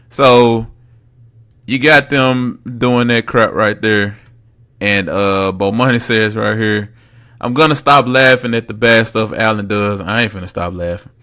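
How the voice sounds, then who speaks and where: A man's voice: lowish voice, unhurried. Slangy young man ranting on a podcast. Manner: blunt, slangy and mocking, swings loud and soft. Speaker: podcast host. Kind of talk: casual solo sports podcast rant.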